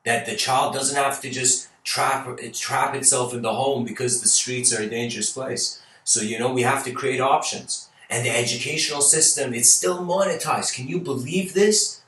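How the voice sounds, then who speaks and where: A man's voice: mid-range voice, steady tone, moderate pace, few pauses, a bit bright. Playful rambling man lecturing, roomy echo. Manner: rambling, playful, acts out quoted voices and laughs often. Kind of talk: casual lecture. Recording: roomy echo, mic at a distance.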